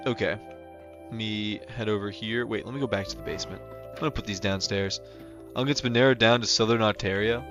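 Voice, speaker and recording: A man's voice: fairly low pitch, brisk. A young man chatting casually on a livestream, rambling with lots of fillers and restarts. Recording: dull lo-fi sound with faint music behind.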